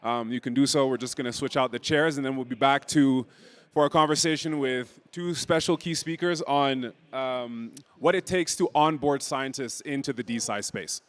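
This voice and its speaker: A man's voice: mid-range voice, normal speed. Upbeat man emceeing an event. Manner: upbeat announcing. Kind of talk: event announcements. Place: conference hall.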